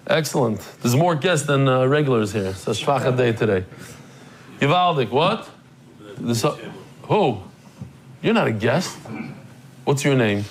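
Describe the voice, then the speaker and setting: A man hosting a daily class, telling a story in a lively, joking way and acting out the people in it, then greeting guests in the room. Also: mid-range voice, a little slow, long pauses, slight background noise. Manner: animated, jokey, acts out the people in his stories. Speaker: daily Talmud class teacher and host. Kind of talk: casual storytelling to a live class.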